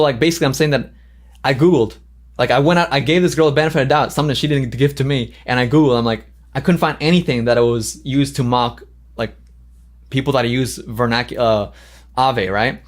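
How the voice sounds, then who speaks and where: A man's voice: medium pitch, a little fast. A man from Los Angeles hosting his own channel, animatedly reading comments aloud and answering them with sass. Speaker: channel host. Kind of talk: livestream commentary.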